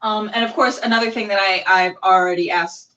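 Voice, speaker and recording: A woman's voice: medium pitch, steady tone, fairly quick, sharp tone, highs cut off. A woman hosting a casual interview over a video call, chatty and full of fillers. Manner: chatty, many fillers and restarts. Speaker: host.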